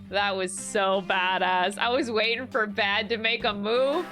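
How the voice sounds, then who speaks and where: A young woman streamer commenting on a game she plays, excitable and swearing, often breaking into loud shrieks. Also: mid-range voice, very slow. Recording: game music behind.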